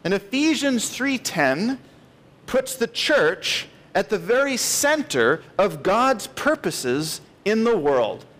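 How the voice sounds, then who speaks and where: A man's voice: sits high, fairly bright tone. A man in his late thirties preaching a sermon as pastor, earnest and emphatic, stressing key words. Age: 30s.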